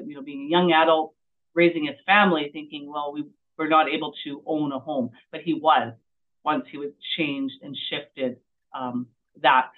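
A woman hosting a live mindset call, talking in a rambling, hesitant way with many fillers. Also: sits low. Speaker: host of a daily mindset call. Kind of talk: casual talk on a live group call. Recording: tinny phone-like call audio.

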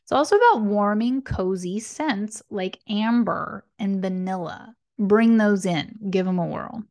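Chatty woman with a gravelly edge. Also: mid-range voice, unhurried, darkish tone. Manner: chatty, tags lines with "right?" and "okay?"; laughs lightly and swears casually. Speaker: astrology podcast host. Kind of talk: casual solo podcast monologue.

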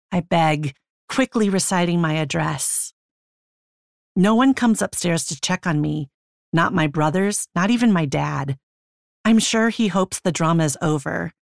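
Woman narrating her memoir audiobook, gravelly and low, with a tense, intimate read on a dry close mic. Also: no echo. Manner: tense, intimate first-person reading.

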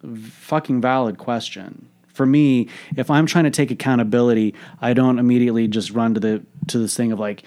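A man's voice: medium pitch, moderate pace, dark tone. A man, a coach, telling a candid personal story in a frank, reflective way, swearing freely.

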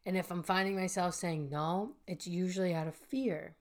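A podcast host and healing coach in her thirties tells a personal story, speaking earnestly and directly to her listeners as "you guys." Her lowish voice moves at a normal speed with fairly even intonation.

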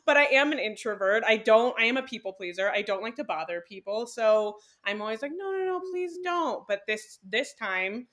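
Casting: woman, soft self-deprecating delivery, easy conversational tone. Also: medium pitch, brisk, few pauses. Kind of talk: casual conversation.

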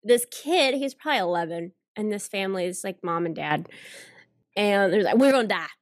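A woman's voice: mid-range voice, normal speed, no room sound, clean studio sound. A woman from the American South with a Southern accent, telling stories on a casual podcast and laughing often. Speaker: podcast co-host.

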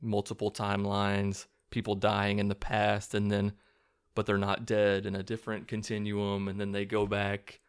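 A man's voice: fairly low pitch, monotone, moderate pace, smooth. A man casually recapping a movie plot in a rambling, chuckling way, swearing and restarting as he goes. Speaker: movie reviewer.

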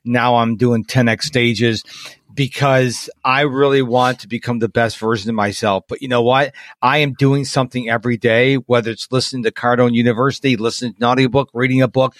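A man's voice: medium pitch, moderate pace, no echo, clean studio sound. A man hosting a podcast, talking with enthusiastic energy about self-improvement. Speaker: podcast host. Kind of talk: conversational podcast interview.

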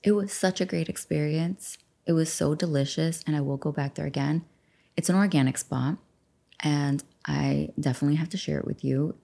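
Low gravelly woman coaching casually. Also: normal speed, dark tone. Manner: chatty, affirming, acts out her own thoughts. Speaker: podcast host and life coach. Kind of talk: casual guided journaling talk. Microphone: studio microphone.

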